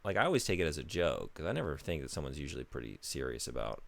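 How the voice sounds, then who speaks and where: A man's voice: a bass voice, sing-song, fast talker, gravelly, a bit bright, a little hiss or hum. A man with a Southern US drawl chatting casually as a game streamer, rambling and self-deprecating. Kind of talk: casual gaming stream chat.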